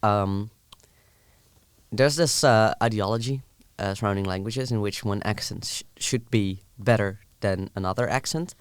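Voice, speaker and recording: A young man from the southern Netherlands, Dutch his first language, explaining things carefully in casual podcast chat with many pauses. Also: lowish voice, smooth, no room sound. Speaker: podcast guest.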